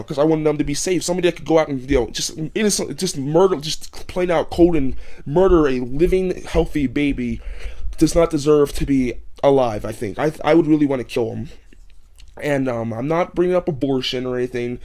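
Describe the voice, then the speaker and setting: Male reviewer, a touch high, talks loosely with restarts and fillers, punches words when worked up. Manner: rambling, frequent restarts and fillers; emphatic, gets loud when excited. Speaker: video game reviewer. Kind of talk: casual rambling commentary.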